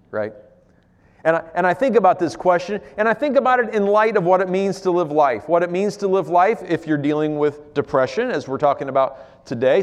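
A man preaching a sermon as pastor, swinging between loud emphasis and near-whispers. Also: a little high. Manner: swings from loud to hushed, acts out quoted voices. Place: church sanctuary. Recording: long hall reverb.

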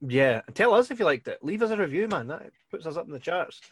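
A man's voice: on the high side, sing-song, brisk, breathy edge, no room sound. A man with a Scottish accent co-hosting a podcast, chatting casually, laughing often and swearing freely. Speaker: podcast co-host. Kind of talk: casual chat.

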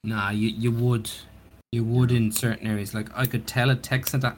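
A man with an Irish accent, a guest in a casual podcast chat, talking in a relaxed, blunt way. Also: medium pitch, normal speed, slight background noise. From Ireland.

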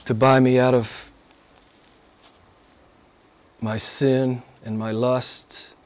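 Before a live congregation, a man preaches and prays earnestly, slowing down and drawing out key words for emphasis. His voice is medium-pitched and his tone stays level.

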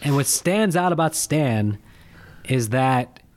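A man's voice: medium pitch, slow pace. A man co-hosting a casual movie review podcast, joking and ranting with rising emphasis. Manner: animated, jokey, rants with rising emphasis. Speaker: podcast co-host.

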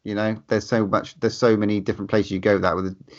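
A man's voice: lowish voice, little pitch movement, quick pace, lo-fi sound. A man around forty co-hosting a casual podcast, swearing freely and gushing about horror film news. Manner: swears freely, laughs often, enthusiastic. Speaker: podcast co-host.

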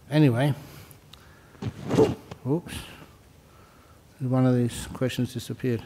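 An older man, a Buddhist monk, gives a relaxed dharma talk to an audience, answering questions with gentle jokes and repeated phrases for emphasis. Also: mid-range voice.

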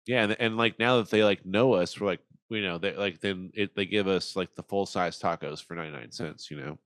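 A man's voice: low voice, a little fast, a bit bright, dry recording, studio quality. A man in casual conversation who rambles, swears freely and acts out quoted voices. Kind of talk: casual chat.

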